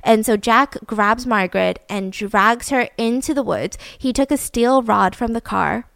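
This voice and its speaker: A woman's voice: fairly high pitch, measured pace, vocal fry, fairly bright tone, no room sound. A young woman hosting a podcast, telling a true-crime story in a casual, chatty way with a lot of fillers. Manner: chatty, heavy use of "like". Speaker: podcast host.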